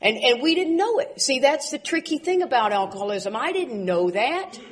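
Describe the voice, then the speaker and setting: Woman in her 40s giving a recovery talk, kinda high voice, animated, laughs, gets loud. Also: moderate pace. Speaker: recovery convention speaker. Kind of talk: speaker talk to an audience.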